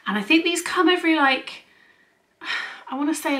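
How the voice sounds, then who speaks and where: A woman's voice: high voice, lively intonation, normal speed, pushed and bright. Chatty young woman with a cold. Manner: chatty, rambling, with fillers and restarts. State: slightly congested from a cold. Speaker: vlogger. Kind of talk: casual chat to camera. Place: home.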